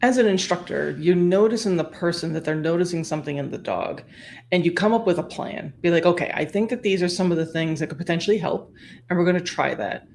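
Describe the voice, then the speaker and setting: Livestream host, long rambling questions, faint background noise, mid pitch. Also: fast, vocal fry, darkish tone. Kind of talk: casual interview questions.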